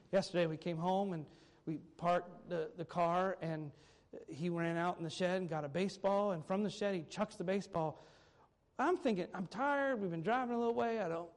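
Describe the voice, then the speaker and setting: A man preaching a sermon as pastor, swinging between loud emphasis and quiet asides, and repeating words when he gets excited. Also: high voice.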